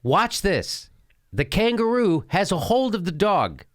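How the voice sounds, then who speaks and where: A man's voice: sits high, measured pace, dry recording, studio quality. A middle-aged man hosting a show, chatting jokily and laughing as he comments on a video. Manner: jokey, animated, laughs often. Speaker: host. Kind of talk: casual comedic commentary.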